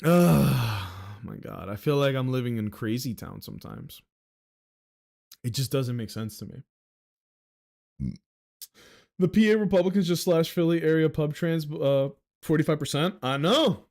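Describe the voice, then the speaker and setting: A man's voice: medium pitch, lively intonation, unhurried, creaky, pauses often, a little mellow. A young man from the Philadelphia area ranting sarcastically on a livestream at a desk mic, profane and exasperated.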